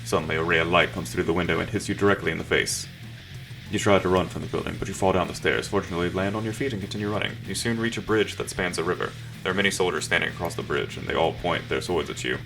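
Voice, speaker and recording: Deep gravelly man reading a text adventure. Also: fast, fairly bright tone, soft background music. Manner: dry, joking asides between readings. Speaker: gamer narrating a text adventure. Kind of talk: reading and commenting on an AI story game.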